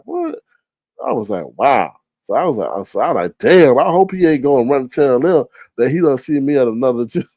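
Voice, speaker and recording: Man, lively swooping voice, mellow tone, profane casual storytelling, dry close sound. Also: dry recording. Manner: animated, profane, jumps into high-pitched exclamations when quoting himself. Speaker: streamer host.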